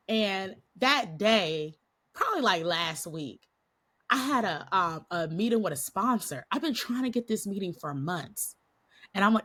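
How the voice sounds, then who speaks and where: Brief: woman podcast guest, bright tense tone, slightly stuffy and nasal, lively storyteller who laughs often. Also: mid-range voice, a little slow. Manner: animated, laughing often, acts out quotes. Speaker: podcast guest, Christian coach. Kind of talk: casual storytelling interview.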